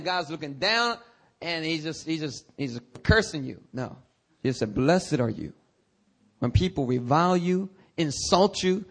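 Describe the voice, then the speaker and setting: A male pastor delivers a sermon in a somewhat high voice. He talks frankly with his congregation, then swings into dramatic, rising cries. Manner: animated, preaching with dramatic outbursts and rising cries; conversational, candid asides to the congregation.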